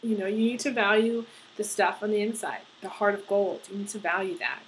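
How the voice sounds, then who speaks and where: A woman giving a tarot horoscope reading, earnest and halting, with many fillers and restarts. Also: mid-range voice, steady tone, slight background noise, poor audio. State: getting emotional. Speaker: tarot reader.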